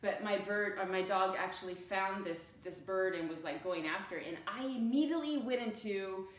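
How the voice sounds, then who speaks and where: A woman yoga teacher talking casually to her class in a chatty, animated way, often laughing. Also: mid-range voice, normal speed. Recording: echoey room from far off.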